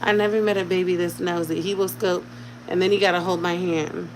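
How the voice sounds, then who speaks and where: A woman's voice: on the low side, steady tone, fairly quick, slight background noise, rough recording. A woman at home talking in casual vlog chat while caring for a baby, slipping into doting baby talk as she coaxes an infant to speak. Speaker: vlogger.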